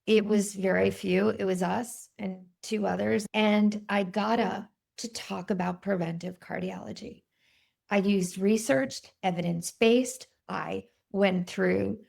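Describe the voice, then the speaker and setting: Woman, 50s, cardiologist guest; very gravelly voice, lively storyteller. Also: medium pitch. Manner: animated, vivid storytelling with quoted voices. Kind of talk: storytelling in a podcast interview.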